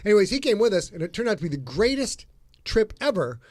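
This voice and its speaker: A man's voice: sits high, sing-song, fast, darkish tone, no echo. A man co-hosting a podcast in casual chat, joking and rambling as he goes. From Sheboygan area, Wisconsin. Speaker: podcast co-host.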